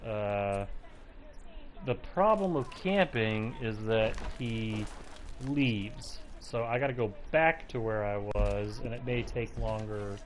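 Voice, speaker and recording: Here a low-voiced man takes his time, rambling casually as he streams a game from home and breaking off to sweet-talk his cat. The recording is low quality with slight hiss or hum, though his personal mic is close to him.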